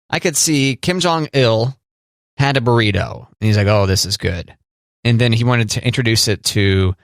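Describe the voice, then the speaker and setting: A man's voice: medium pitch, dry recording, clean studio sound. A man hosting a podcast in casual chat, explaining things in an easygoing, wry way. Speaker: podcast host.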